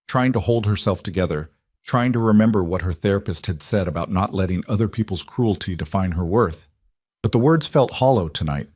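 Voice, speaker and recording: Low-voiced man narrating a dramatic story. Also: a little mellow, dry recording, clean studio sound.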